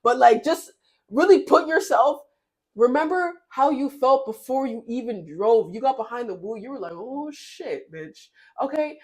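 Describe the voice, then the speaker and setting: Animated young woman telling a story. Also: high-pitched, normal speed. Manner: animated, laughing, slangy and candid. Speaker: storytime vlogger. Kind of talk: casual storytelling. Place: home kitchen while baking.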